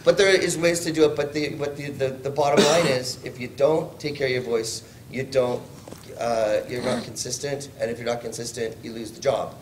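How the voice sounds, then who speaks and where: A man's voice: medium pitch, recorded from a distance, noisy background. A man, a voice actor, telling jokey stories at a convention panel. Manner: lively, jokey, drifts into quick voices. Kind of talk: animated panel storytelling. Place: large convention panel room. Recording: roomy convention hall.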